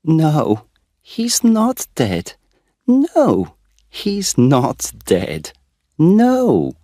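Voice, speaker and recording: A man voicing a wild, frantic young German governess with high crying shrieks. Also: very animated, extremely slow, creaky, fairly bright tone, dry recording, studio quality, heavily acted. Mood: tearful relief.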